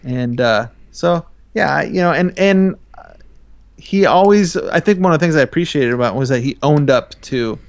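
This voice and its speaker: A man's voice: fairly high pitch, lively intonation, normal speed, dry recording. A man co-hosting a podcast, laid-back and rambling in casual chat. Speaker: podcast co-host.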